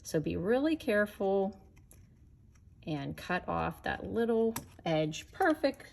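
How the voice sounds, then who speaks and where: A woman's voice: mid-range voice, big pitch swings, takes it slowly, gravelly, a little mellow. A woman demonstrating card making in a casual tutorial, chatting to viewers as she works. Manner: chatty, talks to viewers while working.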